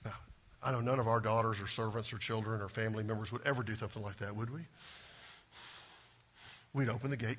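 A man preaching a sermon as pastor, animated, acting out scripture scenes and putting questions to his congregation. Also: on the low side, fast, long pauses, husky. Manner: animated, acts out scripture quotes with rising intensity; asks the congregation direct questions.

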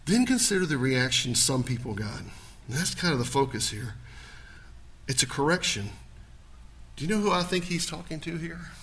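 A male pastor preaching a sermon in a church, swinging from loud to hushed. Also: a little high, very animated, normal speed, long pauses.

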